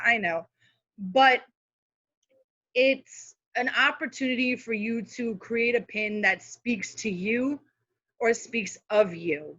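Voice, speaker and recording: Speaking as a guest on a live video call, a woman who works as a social media manager shares practical marketing advice in a casual, chatty way packed with fillers and asides. Her voice is fairly high and a bit bright; the recording is dry and slightly dull.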